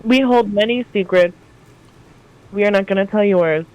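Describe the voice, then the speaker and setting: A man's voice: high voice, normal speed, a little mellow, clean tone, close to an everyday voice, rough recording. A man doing earnest, reassuring Luna.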